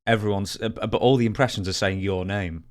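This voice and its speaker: A man hosting a podcast in casual chat, brisk and upbeat as he reads fan questions and prompts his co-host. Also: lowish voice, fairly even intonation.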